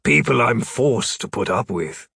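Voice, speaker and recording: A man's voice: mid-range voice, expressive, vocal fry, breathy edge, no echo, clean studio sound, heavily acted. A man doing a prim, scolding wizard. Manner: prim, measured, gently scolding. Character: prim, kindly older male wizard, fussy and scolding.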